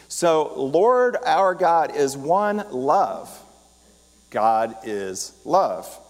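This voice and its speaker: A man delivers a sermon in a large church, his voice sitting a bit high for a man. He moves between storytelling and asides to the listeners, and the sound carries a long hall reverb. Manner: storytelling, warm asides to the congregation, reads a letter aloud. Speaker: pastor.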